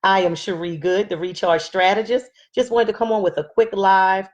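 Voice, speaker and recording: A woman's voice: mid-range voice, fairly even intonation, moderate pace, lo-fi sound. A woman hosting a casual live-stream health talk as a wellness coach, chatty and encouraging as she greets viewers by name and reads out their comments.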